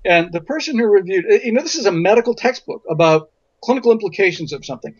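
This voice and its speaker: High-voiced man, emphatic, lo-fi audio. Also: animated, quick pace, no room sound. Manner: emphatic storyteller who repeats words for stress. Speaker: physician and guest. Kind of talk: interview conversation. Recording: dull lo-fi audio.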